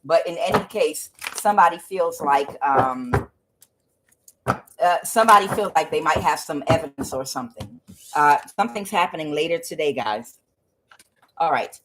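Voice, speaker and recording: A woman doing a tarot reading for her channel viewers, talking casually, swearing now and then and swinging between low mutters and loud excited bursts. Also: normal speed, background noise. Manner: swears casually, addresses viewers as guys and y'all. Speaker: tarot reader.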